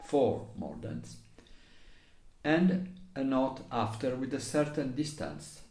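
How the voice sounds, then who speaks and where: A man's voice: medium pitch, very animated, slow, loud music behind the voice. A man with an Italian accent and non-native English teaching how to phrase a recorder piece, hesitating at times and singing passages on syllables. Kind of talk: music lesson explanation. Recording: echoey room.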